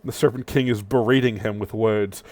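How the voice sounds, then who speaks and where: A man narrating a tabletop game as game master, playful and animated. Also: fairly low pitch, moderate pace, no echo.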